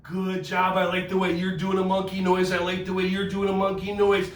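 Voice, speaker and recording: A man's voice: high voice, brisk. A man teaching a playful yoga stretch lesson for kids, goofy and jokey, in a roomy recording from a distance. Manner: goofy, animated, jokey with children. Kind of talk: playful kids' movement lesson.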